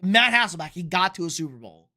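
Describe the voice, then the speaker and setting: Young guy, sports streamer, sharp high voice, loose and profane, a few beers in. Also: lively intonation, quick pace. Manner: loose, profane, reads chat questions aloud. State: drinking beer. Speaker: sports streamer answering chat. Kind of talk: casual live-stream chat.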